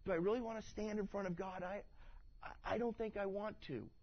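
A man voicing a frightened, guilty sinner who dreads standing before God, confessing his wrongs in a hushed, anxious way. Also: high-pitched, steady tone, brisk, lo-fi sound, voice pushed up. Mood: fearful.

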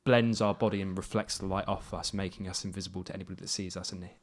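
A man's voice: deep voice, fairly even intonation, fast. A man playing a tabletop game, chatting casually and rambling jokily with many ums. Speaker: player.

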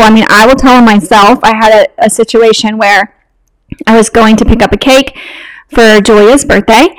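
Middle-aged woman, podcast co-host, lively storyteller with a high-ish voice, dry close sound. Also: no room sound, low-quality recording. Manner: animated storyteller, acts out quoted lines. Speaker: podcast co-host, wedding business owner. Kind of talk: casual chat.

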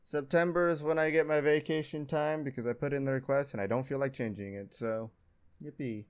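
A man chatting casually with a friend, easygoing and quick to laugh. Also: mid-range voice, fairly even intonation, smooth. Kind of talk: casual chat.

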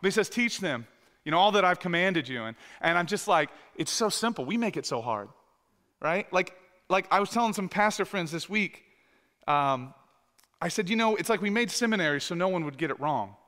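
A man's voice: high voice, animated, brisk, bright, forceful tone. A male pastor preaching a sermon, telling stories with lots of quoted dialogue and restarts. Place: church sanctuary. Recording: long church hall reverb.

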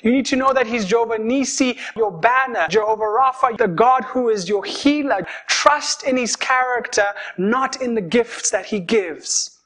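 A young man preaching a sermon, telling stories in a conversational, lively way. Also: extremely high pitch, moderate pace.

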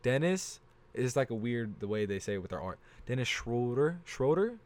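A teenage boy co-hosting a casual sports podcast, animated and prone to stumbling over player names. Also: lowish voice, a little fast, clear, resonant tone. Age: teens. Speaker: podcast co-host.

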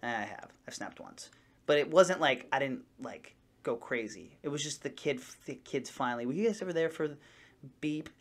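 A man co-hosting a casual podcast, telling stories in a rambling, animated way with many restarts. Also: medium pitch, moderate pace. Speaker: podcast co-host. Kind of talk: casual chat.

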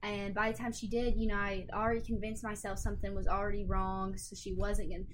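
Young woman, podcast co-host, expressive and emotional storyteller, casual chat. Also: medium pitch, quick pace, slight background noise. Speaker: podcast co-host, expecting mother.

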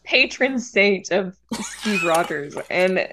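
Slow, lively woman. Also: mid-range voice, background noise. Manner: teasing, playful, interrupts with asides. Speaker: podcast co-host. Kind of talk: casual chat over a video call.

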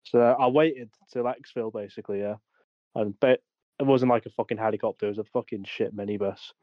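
A man's voice: lowish voice, steady tone, brisk, dry recording. A young man telling a crude army story on a podcast. He swears a lot and laughs as he talks. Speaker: podcast co-host. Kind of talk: casual storytelling. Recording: dry, dull lo-fi sound.

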